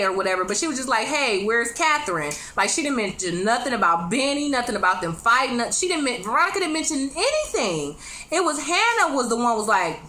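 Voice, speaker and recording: A woman's voice: on the high side, sharp tone. A woman giving a casual, chatty recap of a TV drama episode, talking straight to her viewers and acting out the characters' lines. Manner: chatty, conversational, acts out quoted lines. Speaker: TV show reviewer.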